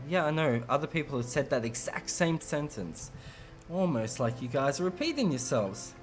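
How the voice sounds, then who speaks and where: A man commentating his own game playthrough from a home streaming setup, full of jokey, self-mocking asides. His voice sits a touch high and bounces around animatedly, with soft music playing faintly behind him. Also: big pitch swings, moderate pace. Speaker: let's play host.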